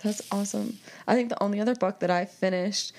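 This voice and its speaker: A woman's voice: mid-range voice, fairly even intonation, quick pace, darkish tone. A woman co-hosting a book podcast in casual chat, wry and dry with emphatic bursts. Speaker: podcast co-host.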